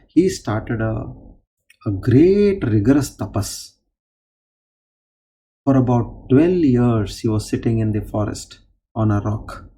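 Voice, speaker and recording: Male discourse speaker, unhurried storyteller, slow and mellow. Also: mid-range voice. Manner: unhurried, explanatory. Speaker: spiritual speaker.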